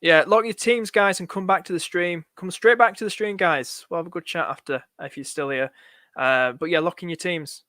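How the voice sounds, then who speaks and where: Male streamer, high voice, dry close sound, chatty and rushed. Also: dry recording. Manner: excitable, rushed, repeats himself, says "mate" a lot. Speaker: fantasy football streamer. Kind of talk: live stream chat answering viewer questions.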